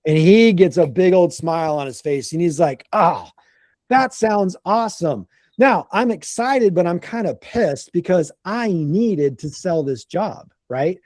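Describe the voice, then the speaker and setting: Animated contractor man telling a story. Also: fairly high pitch, measured pace, hardly any pauses, dry recording, clean studio sound. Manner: animated, acts out quotes, frequent restarts. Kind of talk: casual storytelling.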